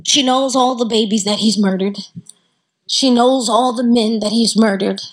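A woman with a Southern US accent tells a religious story. Her voice sits high and sounds a little husky. She is animated and acts out the voices of the people in the story. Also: moderate pace, rough recording. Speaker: religious speaker. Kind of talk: Islamic storytelling talk.

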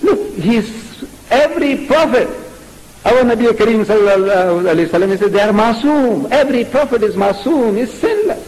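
A man giving a religious lecture as an Islamic preacher, firing off rhetorical questions in an animated way. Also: sits high, moderate pace, low-quality recording.

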